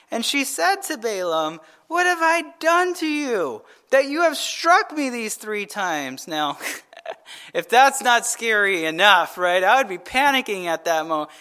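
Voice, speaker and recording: A male pastor giving a conversational Bible teaching, retelling scripture in a casual, animated way and often checking in with "right?". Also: very high voice.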